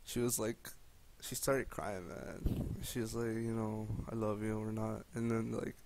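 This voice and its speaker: A young man rambles to his camera in a slow, unhurried drawl, swearing and slipping into slang as he half talks to himself. His voice has a gravelly edge. Heavy background noise sits under the whole recording. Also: lowish voice, steady tone. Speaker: vlogger. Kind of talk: casual late-night chat to camera.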